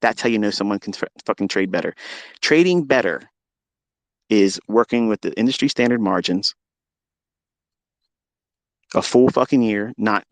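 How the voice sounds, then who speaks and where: A man's voice: on the low side, expressive, moderate pace, pauses often, dry recording. Man, trading teacher on a livestream; swears constantly, boastful and combative, dry close sound. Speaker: trading educator. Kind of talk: livestream rant.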